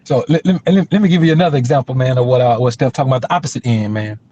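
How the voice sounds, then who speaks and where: A man's voice: mid-range voice, very fast, dark tone, dull audio, slight background noise. A middle-aged man telling a street story in a casual, profane, emphatic way as a podcast co-host.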